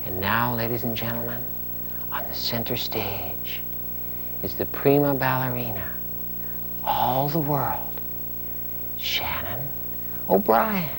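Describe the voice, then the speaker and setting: A man photographing a child, talking her along in a playful, hushed, sing-song way. His pitch swings widely from low murmurs to bright exclamations. The recording carries clear background noise and a low hum. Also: big pitch swings, takes it slowly, long pauses. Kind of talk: coaxing a child during a photo shoot.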